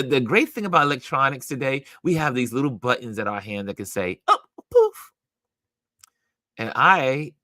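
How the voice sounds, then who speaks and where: A man hosts a relaxed livestream chat, his voice swinging widely in pitch as he reacts with emphasis to what viewers post. His tone is bright and forceful, and the sound is close and dry, with little room around it. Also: no echo. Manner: animated, reacting to viewer comments; laughs often and speaks emphatically. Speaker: livestream host.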